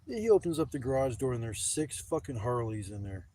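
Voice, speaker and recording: A rambling, foul-mouthed man talks casually into a handheld camera on a gimbal while camping outdoors. His voice sits at an ordinary middle pitch, with faint outdoor ambience in the background. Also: very animated, a little fast, dark tone, slight background noise. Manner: rambling, profane, griping. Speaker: camping vlogger. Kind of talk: casual livestream chat. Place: outdoors at a campsite.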